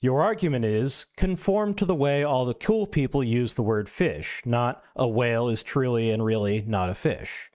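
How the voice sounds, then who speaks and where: A man's voice: mid-range voice, a little mellow. A male streamer reading an essay aloud, breaking in with wry, self-mocking asides.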